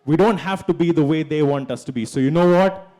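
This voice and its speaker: A man's voice: a little high, fairly quick, warm tone. A young man, a life coach performing spoken word poetry with dramatic, rhetorical repeated questions. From India.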